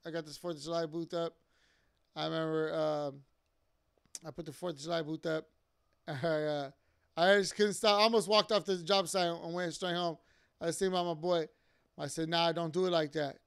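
A young man with a high, smooth, clear voice shares his church testimony. He tells it casually and ramblingly, with plenty of fillers and side remarks.

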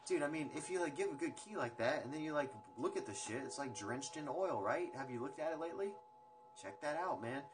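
A man's voice: fairly high pitch, expressive, fairly quick. A young man hosting a casual livestream, chatting loosely with viewers and rambling between topics with the odd swear word. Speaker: livestream host. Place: indoors at home. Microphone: phone livestream. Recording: music playing in the background.

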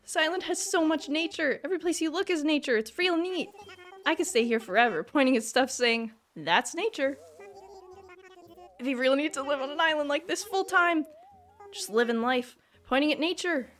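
A woman's voice: high voice, normal speed, a bit bright. A woman reading a laid-back male dog villager. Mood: easygoing. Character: easygoing male dog villager from a video game. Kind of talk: reading game dialogue aloud.

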